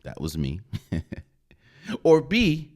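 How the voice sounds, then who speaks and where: A man's voice: medium pitch, wildly swooping pitch, very slow, darkish tone. A man hosting a podcast, giving emphatic solo sports commentary and repeating phrases for effect. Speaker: podcast host.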